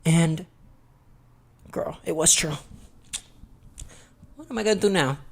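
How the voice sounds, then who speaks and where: A young adult woman hosting her own podcast in a candid, expressive confessional chat, swearing freely and calling listeners honey. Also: lowish voice, takes it slowly, gravelly. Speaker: podcast host.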